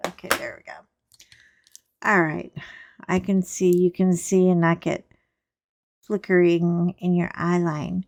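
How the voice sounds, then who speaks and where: A middle-aged woman, hoarse while recovering from laryngitis, chatting casually and rambling with wry humor as she hosts her coloring channel from a chair at home. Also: lowish voice, steady tone, unhurried, long pauses. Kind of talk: casual chat.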